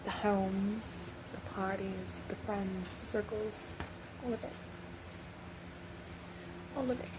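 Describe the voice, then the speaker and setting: A woman giving a rambling spiritual monologue for her vlog. She speaks in a meandering, reflective way and often drops into soft whispers. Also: mid-range voice, steady tone, slow, noisy background. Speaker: vlogger sharing spiritual channeling.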